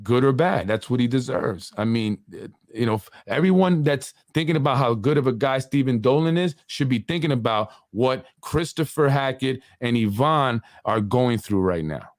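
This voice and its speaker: A man's voice: mid-range voice, expressive, normal speed, few pauses, dry recording, clean studio sound. Indignant male talk show host. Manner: indignant, with rhetorical questions.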